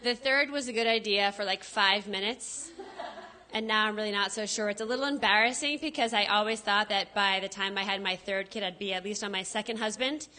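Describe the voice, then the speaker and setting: A woman's voice: medium pitch, fairly quick, bright, forceful tone, a little hiss or hum. A woman in her thirties doing stand-up in a dry, self-mocking way. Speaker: stand-up comic. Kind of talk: stand-up set.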